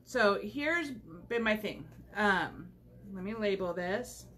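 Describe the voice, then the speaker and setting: A woman's voice: mid-range voice, lively intonation, slow pace, bright, forceful tone, a little hiss or hum. A woman chatting casually while demonstrating a craft on a livestream, rambling with many fillers, recorded at home on the camera mic.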